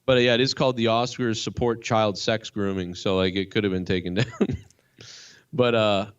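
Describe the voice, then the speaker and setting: A man, a comedian, chatting casually as a guest, rambling and swearing as he tells a story excitedly. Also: fairly low pitch, moderate pace, clear, resonant tone, muffled recording. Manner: profane, rambling, excitable ranting. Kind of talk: casual chat.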